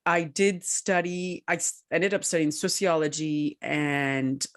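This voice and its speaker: A woman co-hosting a podcast who tells her story in a casual way, animated and laughing often. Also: low-pitched, measured pace. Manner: animated, laughs often, acts out quoted voices. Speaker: podcast co-host and researcher.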